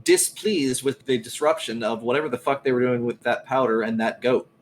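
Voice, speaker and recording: A man narrating a tabletop game as game master, calmly describing scenes. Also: mid-range voice, fairly quick, a little hiss or hum, poor audio.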